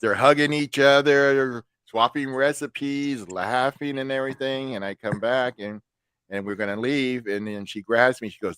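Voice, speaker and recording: A man's voice: medium pitch, fairly even intonation, moderate pace, a bit bright, clean tone, no room sound. A man hosting a podcast, casually telling crude, joking family stories and acting out his mother's lines. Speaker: podcast host. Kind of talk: casual storytelling chat.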